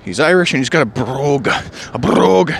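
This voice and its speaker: A man's voice: a little high, lively intonation, a little fast, gravelly, a little hiss or hum. A man talking alone to camera in a rambling, reflective monologue, sighing often as he drifts between stories and feelings. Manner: musing, digressive, sighs often. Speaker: vlogger.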